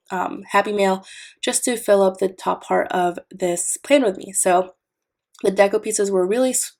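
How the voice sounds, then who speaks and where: A woman's voice: medium pitch, vocal fry, darkish tone. A young woman narrating her planner decorating in a casual voice-over, sounding congested as she gets over a fever and tripping over her words. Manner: chatty, trips over words with fillers. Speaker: planner vlogger.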